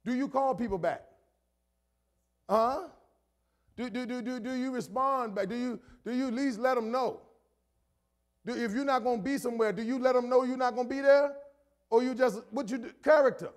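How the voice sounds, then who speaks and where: A middle-aged man preaching a sermon as pastor, talking to the congregation conversationally, repeating phrases for emphasis and building to shouted points. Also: very high-pitched, moderate pace, long pauses.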